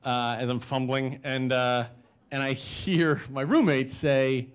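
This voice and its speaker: On stage, a man in his forties tells a comic personal story, mocking himself and acting out quoted voices as the audience laughs. He speaks slowly and clearly in a mid-range, resonant voice.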